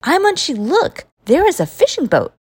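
Eager, curious child sidekick, voiced by a woman: high, bouncy, with a husky edge. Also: measured pace, heavily acted. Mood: excited. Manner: excited, curious questions. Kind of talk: storybook character voice.

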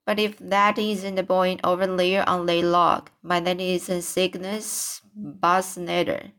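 A woman reading the lines of a calm, watchful female swan who speaks in a hushed, reasonable way in a storybook. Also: on the low side, slow pace. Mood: wry.

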